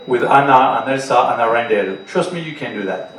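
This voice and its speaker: A man's voice: medium pitch, fairly quick. A man with a French accent, not speaking his first language, animatedly talking up a cruise restaurant to a panel audience. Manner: animated, speaks straight to the audience, repeats "trust me". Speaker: cruise beverage director on a panel. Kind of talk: panel talk to a live audience. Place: large hall with an audience. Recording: echoey hall, distant mic, faint noise.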